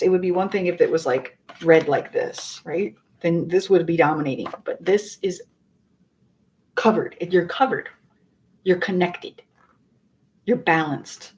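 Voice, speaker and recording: Earnest low-voiced woman reading tarot. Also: a little mellow, rough recording. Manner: earnest, rambling, repeats words, swears casually. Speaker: tarot reader. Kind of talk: live tarot reading, casual and emotional.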